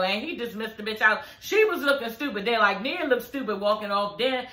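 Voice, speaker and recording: A woman's voice: on the high side, expressive, normal speed, few pauses, sharp tone, roomy sound, low-quality recording. A woman giving a casual, profane recap of a reality show, talking to viewers as "y'all" in a sassy, chatty way.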